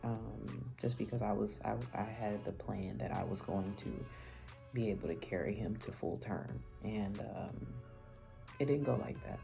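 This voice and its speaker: A woman's voice: rumbling low, unhurried, vocal fry, music in the background. A woman vlogger telling a personal story in a candid, casual, conversational way, with many fillers and restarts.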